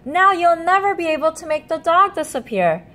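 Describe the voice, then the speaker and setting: A woman doing a gang of excited cats. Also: very high voice, moderate pace, pitched above the performer's own voice, full character voice. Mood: panicked. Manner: loud, excited, cheering.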